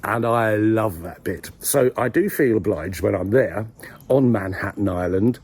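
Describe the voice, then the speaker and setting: In a village graveyard, a man talks to camera in a lowish, unhurried voice that's a little mellow and husky. His vlog is a casual, rambling monologue full of wry, dry humour and asides, and he hesitates with many ums.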